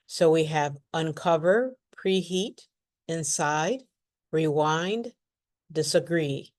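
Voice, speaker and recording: Woman teacher doing pronunciation drills, lowish voice, slow and careful, says words for you to repeat. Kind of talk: pronunciation lesson.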